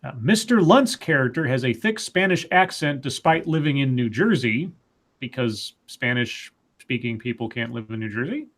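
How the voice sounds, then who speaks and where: A man co-hosting a casual show, reading articles aloud and dropping dry, wry asides. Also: fairly high pitch. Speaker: co-host reading news stories.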